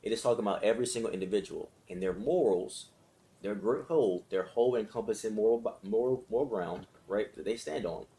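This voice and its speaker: Speaking briskly in a warm, lowish voice, a self-help study leader guides a relaxed lesson and meditation. He repeats himself, keeps checking in with listeners, stays conversational, and laughs between phrases.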